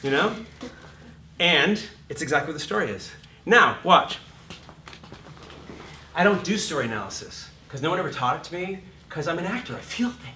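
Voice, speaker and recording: A middle-aged man teaching acting in a lecture, swearing freely and acting out scenes with sudden shouts. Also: fairly high pitch, sing-song, moderate pace, long pauses, distant mic, slight background noise. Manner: profane, acts out voices and shouts mid-talk. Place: lecture room. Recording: echoey room, heard from off mic.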